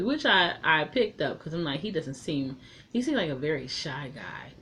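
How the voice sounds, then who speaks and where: A woman's voice: deep voice, big pitch swings, moderate pace, fairly bright tone, a little hiss or hum. A woman casually recapping and reviewing a TV episode, chatty and frank, swearing freely.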